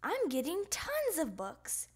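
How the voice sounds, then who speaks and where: A woman voicing an excitable young boy frog who shouts his lines eagerly in a storybook reading. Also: sits high, slow, pitched above the performer's own voice, heavily acted. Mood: excited.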